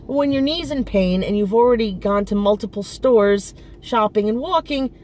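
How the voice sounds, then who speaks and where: A woman's voice: fairly high pitch, moderate pace, darkish tone. Frustrated middle-aged woman venting. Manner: frustrated, emphatic, with many restarts. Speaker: vlogger. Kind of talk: casual personal venting. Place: outdoors in front of her apartment.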